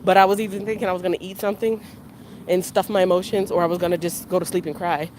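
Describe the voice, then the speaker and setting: Fast and steady in tone, her lowish, slightly mellow voice carries over a bit of background noise. She's a vlogger strolling her neighborhood outdoors, chatting casually to the camera, rambling and repeating as she candidly criticizes herself.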